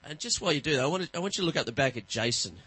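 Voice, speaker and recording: A middle-aged man preaching a sermon, telling stories and acting out voices with lively energy. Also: on the high side, racing, slightly rough, low-quality recording. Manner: animated, acts out voices in anecdotes. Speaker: pastor. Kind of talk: sermon with storytelling.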